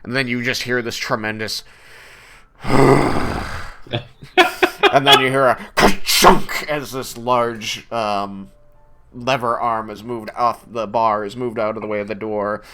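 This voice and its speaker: A man's voice: mid-range voice, steady tone, slow pace, sharp tone, a little hiss or hum. A man narrating as game master of a tabletop game, describing scenes unhurriedly.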